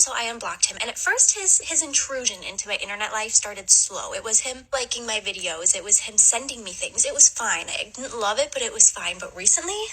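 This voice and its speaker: Husky, bright woman telling a flustered story. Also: on the high side, poor audio. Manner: flustered, giggly, stumbling restarts. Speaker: married woman sharing a story. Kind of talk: casual storytelling to camera.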